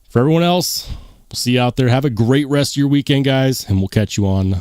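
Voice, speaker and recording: A man's voice: mid-range voice, a little fast, darkish tone, no echo, clean studio sound. A man hosting a live stream, chatting casually and rambling to his viewers, calling them guys. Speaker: livestream host.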